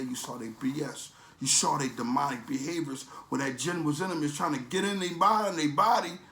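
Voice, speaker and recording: A man delivering a preachy, streetwise pep talk with emphatic, repeated phrases. His voice sits a bit higher than most men's. The sound bounces around an echoey room. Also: a bit bright. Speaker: vlogger promoting a supplement. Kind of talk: preachy motivational rant.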